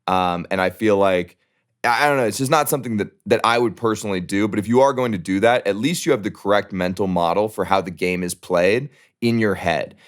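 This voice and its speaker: A man arguing emphatically in a heated casual debate, profane and animated, jumping up in pitch to mimic others. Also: brisk. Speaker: guest.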